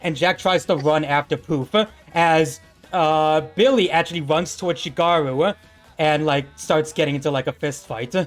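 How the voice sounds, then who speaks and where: A man's voice: on the high side, fairly even intonation, normal speed, soft background music. A man running a tabletop game as game master, narrating a fight in rambling bursts full of fillers.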